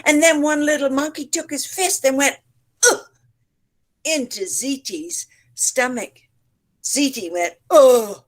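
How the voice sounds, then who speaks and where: A woman's voice: high voice, a little slow. A woman telling folk tales expressively to teachers over a video call, acting out sounds and voices as she goes. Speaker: storyteller. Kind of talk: participation storytelling for teachers. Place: home setup, online session.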